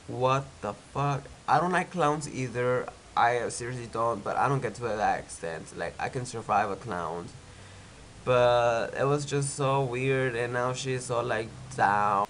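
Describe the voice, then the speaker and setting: A man's voice: mid-range voice, low-quality recording. A young man with a stuffy, cold-clogged nose talks through a reality show episode in a loose, chatty way. He fills his talk with "like" and gives his opinions freely, in a mid-range voice with faint noise behind him. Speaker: TV recap vlogger. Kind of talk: casual reality-show recap.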